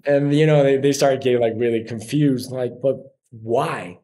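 A man in his forties with a Colombian Spanish accent, chatting as a podcast guest and telling stories with lively acted-out quotes. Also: mid-range voice, a little fast. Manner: animated storyteller acting out quoted voices. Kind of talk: casual interview chat.

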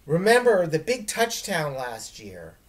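A woman voicing an excitable ten-year-old boy in a storybook reading, breathless and gushing. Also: deep voice, a little slow, exaggerated voice. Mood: excited.

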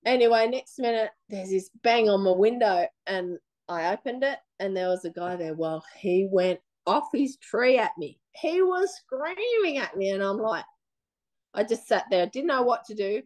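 A woman with an Australian accent, telling her own story in a blunt, animated, plain-spoken way during an interview. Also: medium pitch, normal speed. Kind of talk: casual personal storytelling.

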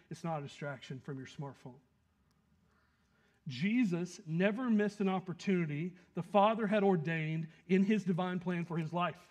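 Animated pastor, high voice. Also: male voice. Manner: animated, swings between loud emphasis and quiet asides; plays out the scene with quick acted quotes. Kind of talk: sermon.

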